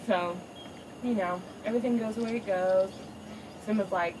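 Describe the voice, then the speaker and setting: A woman's voice: mid-range voice, fairly even intonation, moderate pace, pauses often, a little mellow. A woman casually retelling a cartoon movie as a crude comic recap, rambling and profane. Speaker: storyteller. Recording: faint noise, distant home mic.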